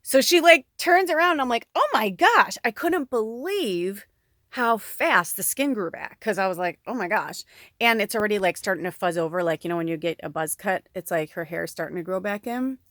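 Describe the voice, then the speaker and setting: A woman's voice: mid-range voice, animated, fairly quick, fairly bright tone, no room sound, studio quality. A woman who works as a spiritual medium, talking to her viewers in a casual, rambling way. She fills her talk with fillers and laughter and swears freely. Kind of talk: casual rambling monologue to camera.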